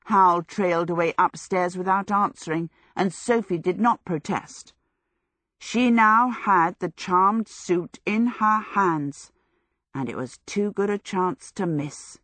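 A woman with a fairly low voice narrates a storybook at an even, steady pace. The sound is dry and close, with no room around her. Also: takes it slowly, no echo. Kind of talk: audiobook narration.

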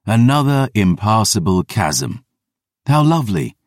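A man voicing a gruff, sardonic hero in an audiobook, grumbling and sarcastic. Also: fairly low pitch, sing-song, unhurried, no echo, studio quality, pitched above the performer's own voice. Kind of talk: audiobook character reading.

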